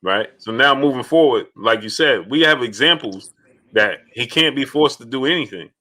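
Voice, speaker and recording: A man's voice: medium pitch, animated, normal speed, sharp tone. A man hosting a casual interview, laid-back, keeps checking in with "right?" and "you know". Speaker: interview host.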